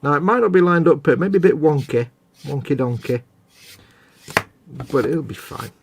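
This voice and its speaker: A fairly high-pitched male voice, animated and creaky with a husky edge, at a normal speed. He's hosting a live stream, chatting casually about his model building and poking fun at himself as he narrates the work.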